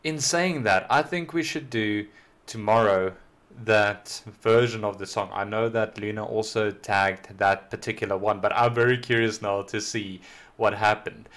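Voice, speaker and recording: A man's voice: lowish voice, measured pace, a bit bright. Enthusiastic man reacting to a video. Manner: enthusiastic, rambling, repeats himself. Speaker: reaction channel host. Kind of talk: casual reaction commentary.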